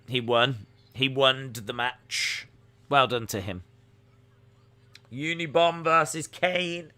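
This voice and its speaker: Slow-talking man with a bright, clear voice. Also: medium pitch. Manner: jokey, reads out and answers chat. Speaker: live-stream host reacting to wrestling. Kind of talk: casual live-stream commentary.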